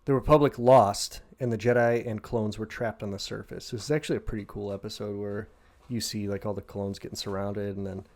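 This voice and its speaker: A man co-hosting a casual podcast, recapping a story over beers with heavy swearing. He jumps into quick shouted impressions. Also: medium pitch. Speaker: podcast co-host.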